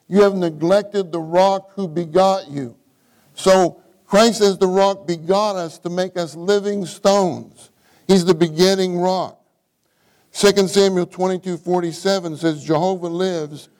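A middle-aged man preaching to his congregation, voice set a touch high for a man. He reads scripture aloud and keeps circling back to his key words, repeating them for weight. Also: darkish tone, low-quality recording. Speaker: church speaker. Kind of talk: sermon.

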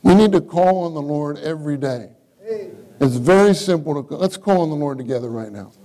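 Man, preacher, sermon, fairly high voice, mellow tone, asks the congregation questions. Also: animated, brisk, poor audio. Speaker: preacher leading a church meeting.

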